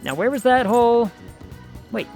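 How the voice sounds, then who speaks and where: A man's voice: extremely high pitch, animated, normal speed, creaky, a little mellow, soft background music. Playful man streaming a game. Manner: playful and jokey, slips into silly voices. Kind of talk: casual gameplay commentary.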